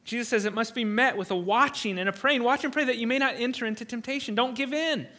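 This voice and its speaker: A man delivers a sermon from the pulpit with a high, bright voice. He preaches in an earnest, emphatic way, often repeating a word as he restarts a phrase. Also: quick pace. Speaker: pastor.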